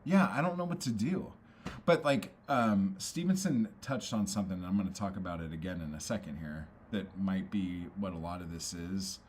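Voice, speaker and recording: A man's voice: low voice, moderate pace, a little mellow, slight background noise. A man venting on a casual livestream, frustrated and rambling, swearing often and filling gaps with "um" and "like". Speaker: poet and streamer.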